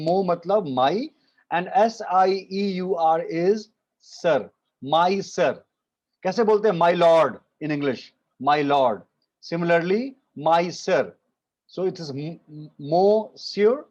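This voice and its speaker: A man with an Indian accent teaching French in an online class, repeating each phrase slowly and mixing English with Hindi. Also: sits high, a little mellow. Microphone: video call. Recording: muffled video call audio.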